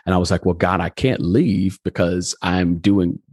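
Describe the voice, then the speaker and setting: A man's voice: low voice, moderate pace, slightly rough, dry recording, clean studio sound. A pastor telling his story in a conversational interview, acting out the dialogue as he goes. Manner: animated storyteller, acts out dialogue.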